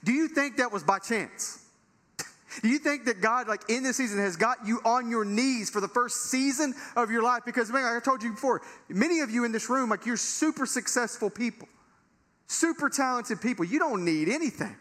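A pastor with an extremely high, slightly bright voice preaches to his congregation at a normal pace. His sermon is conversational but rises to emphatic peaks, and the long reverb of a large church hall surrounds his words.

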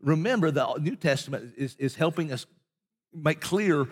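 A man delivers a sermon in a conversational, emphatic way, throwing rhetorical questions at his congregation. His voice sits a bit high for a man. The sound rings with the long reverb of a large church hall. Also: animated, normal speed, breathy edge. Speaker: pastor.

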